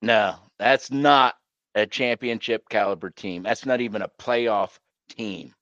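A man's voice: on the low side, measured pace, fairly bright tone, dry recording, dull audio. A man co-hosting a casual sports podcast from home on a headset, blunt and swearing as he rants. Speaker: podcast co-host. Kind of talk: casual chat.

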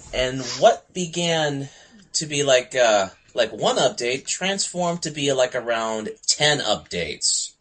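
Young male podcast co-host, husky and animated, rambling with fillers. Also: mid-range voice. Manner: rambling with many fillers, laughs often. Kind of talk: casual gaming podcast chat.

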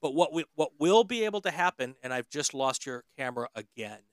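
A man's voice: medium pitch, expressive, brisk, no room sound. A man hosting an interview podcast in casual chat, talking with frequent ums and uhs. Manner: hesitant, lots of ums and uhs. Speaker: podcast host.

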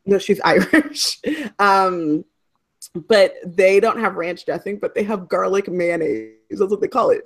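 A woman co-hosting a relaxed podcast conversation. She talks in an animated, joking way and swears freely. Her voice sits at a middling pitch. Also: unhurried. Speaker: podcast co-host. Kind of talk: casual chat.

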